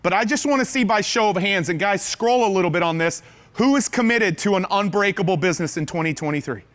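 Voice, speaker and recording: A man's voice: high-pitched, animated, fast talker, a bit bright. A man hosting a live business event. He talks to the crowd with lots of energy, rallies them, and calls out audience members. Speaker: event host.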